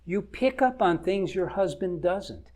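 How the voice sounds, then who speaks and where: A man's voice: sits high, animated, unhurried, darkish tone. An older man, a marriage coach, giving earnest advice straight to camera and stressing his points with long lists.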